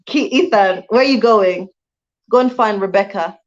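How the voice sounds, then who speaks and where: Brief: chatty Jamaican-born woman hosting a livestream, mid pitch, slightly muffled audio. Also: moderate pace, a little hiss or hum. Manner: chatty, laughs often, thanks viewers warmly. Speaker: livestream host. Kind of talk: casual livestream chat reading viewer comments. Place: home in Rwanda.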